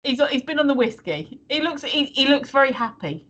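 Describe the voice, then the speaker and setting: A woman co-hosting a live stream, with a high voice that swoops lively up and down. Her tone is bright and sharp. She chats casually, teasing and swearing freely. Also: a little fast, lo-fi sound. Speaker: stream co-host.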